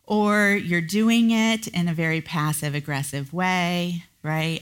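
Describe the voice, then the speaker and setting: A woman's voice: slow, few pauses, clear, resonant tone. A middle-aged woman hosting a solo coaching podcast, explaining ideas and now and then acting out inner voices. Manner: animated, acts out inner voices in a high pitch. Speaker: podcast host and business coach.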